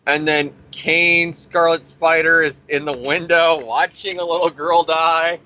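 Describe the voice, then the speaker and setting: A man's voice: a little high, level tone, unhurried, sharp tone. A man recapping a comic issue in a rambling, profane, sarcastic way, as the host of a review show. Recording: dull lo-fi recording.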